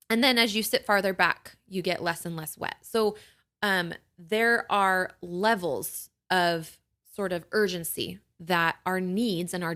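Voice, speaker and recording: A woman's voice: medium pitch, fairly bright tone. A young adult woman hosting a podcast, talking casually and reassuringly to new mothers, often checking in with "right?". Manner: conversational, reassuring, lots of "like" and "right?". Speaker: podcast host. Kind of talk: casual explanatory talk to mothers.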